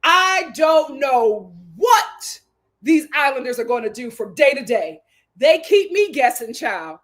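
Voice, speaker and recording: Woman, high voice, very lively pitch, laughing, emphatic repeats, show recap. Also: slow pace. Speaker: YouTube reality show recapper. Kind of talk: animated reality TV recap.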